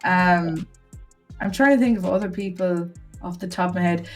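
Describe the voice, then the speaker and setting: A woman's voice: on the low side, moderate pace, distant mic, faint music behind. A young woman, chatting casually as a podcast guest, rambling with lots of fillers. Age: young adult.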